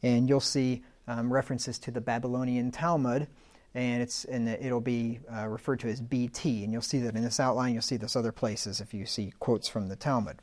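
A man's voice: medium pitch, flat delivery, normal speed, darkish tone. A man giving a teaching talk. He reads old scripture aloud with rising emphasis and slips into plain, conversational asides with fillers between readings. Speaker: Bible teacher.

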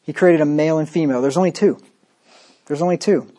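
A man's voice: a little high, fast talker, dark tone. Sarcastic, emphatic male preacher. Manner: emphatic, repetitive. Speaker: pastor. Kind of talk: sermon.

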